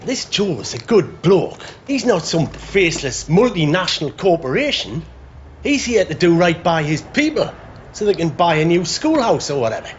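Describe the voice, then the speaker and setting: A man's voice: a little high, sing-song, normal speed, highs cut off, slight background noise. An actor playing a decent working man who raises earnest doubts. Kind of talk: TV drama acting.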